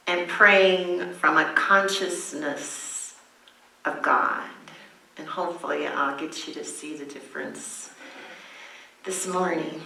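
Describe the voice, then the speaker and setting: A woman pastor giving a sermon, teaching gently and with emphasis, acting out short prayers as she goes. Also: on the low side, vocal fry, distant mic. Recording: echoey room, voice from the mic.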